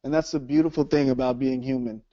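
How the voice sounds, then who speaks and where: A man hosting a casual faith conversation. He tells a personal story in an earnest, animated way and often checks in with "right?". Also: mid-range voice, fast talker, dry recording. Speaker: host. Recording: dull lo-fi dry recording.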